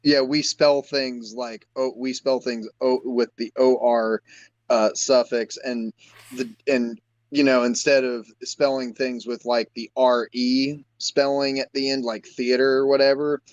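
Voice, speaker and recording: A man's voice: medium pitch, little pitch movement, unhurried, dry recording. Hesitant American man, dull dry sound. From United States. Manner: hesitant, restarts often. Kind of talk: casual chat.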